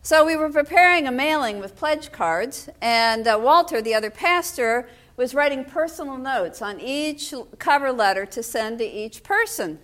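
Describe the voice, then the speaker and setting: Older woman pastor, sermon, storytelling, wry humor, high voice. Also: lively intonation, moderate pace, few pauses, fairly bright tone.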